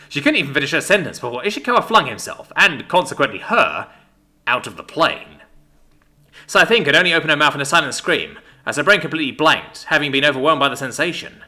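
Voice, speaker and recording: A man narrating a story in an expressive, animated reading voice. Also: a little high, fast talker. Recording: soft background music.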